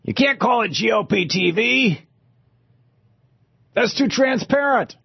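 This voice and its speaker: A man putting on a mocking, deliberately bad Australian accent to play a boastful, rich male media mogul. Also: very high voice, animated, creaky, breathy edge, dry recording, highs cut off, pitched above the performer's own voice, full character voice. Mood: scheming. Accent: Australian, put on badly. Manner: loud and mocking.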